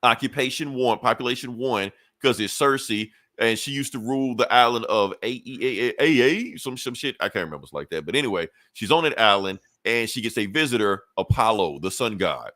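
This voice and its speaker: A man's voice: mid-range voice, expressive, brisk, hardly any pauses, fairly bright tone, dry recording, clean studio sound. Casual, profane man recapping comics. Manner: loose, profane storytelling with frequent fillers. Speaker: podcast co-host.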